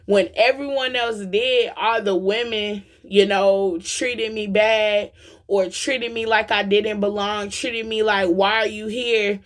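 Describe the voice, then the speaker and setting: A woman's voice: mid-range voice, fairly even intonation, slow pace. A young woman from the American South giving an impassioned, slangy personal testimony as a vlogger, preaching directly to her viewers. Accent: Southern US, Atlanta.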